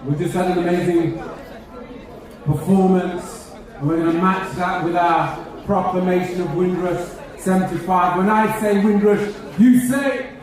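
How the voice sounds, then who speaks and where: A man's voice: high voice, unhurried. A man with an English accent hosting a live community event, coaxing the audience to join in and share stories. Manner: upbeat, coaxing, calls out to the audience. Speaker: event host. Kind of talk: live event compering, rallying a crowd. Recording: echoey, distant mic, loud music and crowd.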